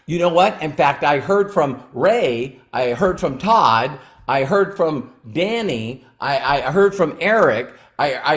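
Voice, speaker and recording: A man giving a motivational talk as a business mentor, emphatic, acting out the people he quotes. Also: a little high.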